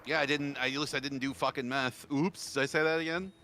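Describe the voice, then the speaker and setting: A man's voice: medium pitch, fairly even intonation, quick pace, sharp tone, a little hiss or hum. A man from the United States chatting on a stream, heated and ranting, swearing often. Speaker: streamer guest. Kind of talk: casual chat.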